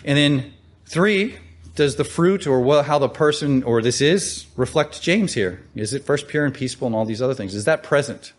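A man's voice: mid-range voice, expressive, normal speed. Man giving a casual Bible teaching. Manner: conversational, asks rhetorical questions, reads scripture aloud.

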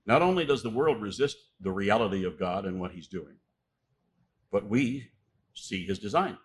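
A man preaching a sermon, reading scripture aloud and pressing key words with loud, emphatic stress. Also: on the low side, animated. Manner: reads scripture aloud with pauses.

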